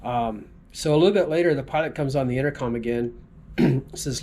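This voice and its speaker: A man from South Texas, a tour driver, casually telling rambling jokes and stories and often clearing his throat. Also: mid-range voice, fairly even intonation, fast, warm tone. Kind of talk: casual storytelling.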